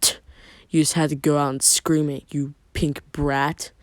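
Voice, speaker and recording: A man voicing a smug, vengeful young man who threatens in a low, slow delivery. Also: little pitch movement, dry recording, clean studio sound, close to an everyday voice. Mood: menacing.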